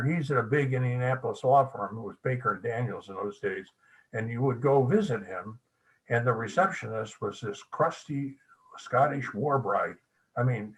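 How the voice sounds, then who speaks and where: A man's voice: mid-range voice, poor audio. An older man giving an anecdotal local history talk at a club meeting, a folksy storyteller who spells words out letter by letter. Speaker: guest speaker.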